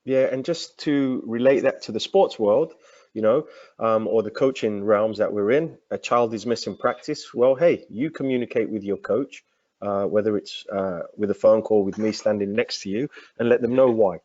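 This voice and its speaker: A man's voice: fairly low pitch, normal speed, dark tone, dull audio. A man hosting a coaching webinar in a casual, affirming way. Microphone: video call.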